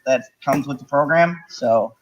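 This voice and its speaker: A man hosting a casual online fan chat, his middle-pitched voice loose and joking with frequent laughter. The audio is dull and lo-fi, like a web call. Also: unhurried. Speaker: host.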